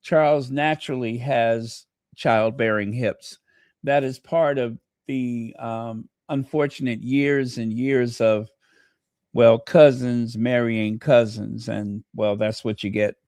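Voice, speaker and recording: A man's voice: mid-range voice, fairly even intonation, slow pace, darkish tone, dry recording. A man hosting a casual livestream, trading snarky gossip, thanking viewers and breaking into bits of song. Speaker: livestream host.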